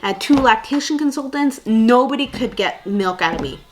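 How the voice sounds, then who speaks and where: A woman's voice: on the high side, animated, moderate pace, a little hiss or hum. A young woman vlogging candid parenting advice in a casual, chatty way, full of fillers and asides. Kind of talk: casual chat to camera.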